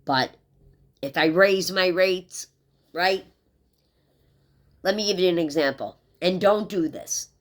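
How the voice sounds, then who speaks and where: Middle-aged woman with a low voice, tarot reader, rambling and heartfelt vlog delivery. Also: slow pace, pauses often. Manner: rambling, heartfelt, talks straight to viewers. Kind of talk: casual tarot reading vlog.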